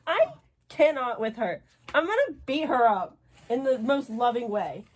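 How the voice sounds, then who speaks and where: A woman talks straight to camera at home in a casual reading vlog. Her voice sits a little high and swoops all over the place. She gushes, exclaims and swears freely. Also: lively intonation, slow, slight background noise. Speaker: reading vlogger.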